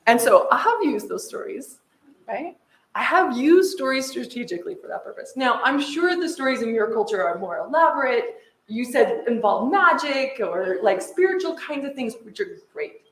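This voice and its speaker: A woman's voice: on the high side, expressive, moderate pace, roomy sound. A middle-aged American woman presenting a seminar, telling a personal story and checking in with "right?". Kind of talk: lecture with personal anecdote.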